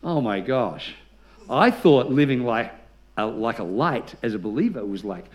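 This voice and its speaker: A male pastor preaching a sermon, telling stories with humor and leading the congregation in call-and-response. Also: medium pitch.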